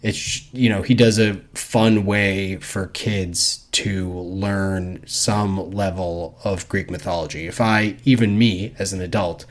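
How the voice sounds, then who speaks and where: A man's voice: sits low, steady tone, slow pace, hardly any pauses. A man co-hosting a casual book-club podcast, rambling, swearing freely and laughing often. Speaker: podcast co-host.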